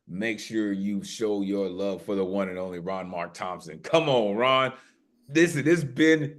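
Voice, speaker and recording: Low-pitched guy hosting a zoom open mic, hyping folks up, lots of "listen" and "man". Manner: warm hype, repeats "listen" and "man". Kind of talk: casual hosting chat and spoken word. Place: home via video call. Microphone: video call mic.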